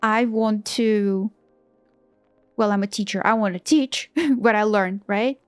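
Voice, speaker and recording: A woman's voice: medium pitch, takes it slowly, smooth, no echo. A woman in her thirties chatting casually on a live stream while she draws, enthusiastic and often restarting her sentences in non-native English. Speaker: artist streaming while drawing. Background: faint background music.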